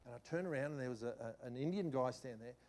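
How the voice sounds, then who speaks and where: A middle-aged man, a pastor telling a personal story in a sermon, animated and shifting between loud and quiet. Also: mid-range voice, racing. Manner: animated anecdote-telling with swings in loudness.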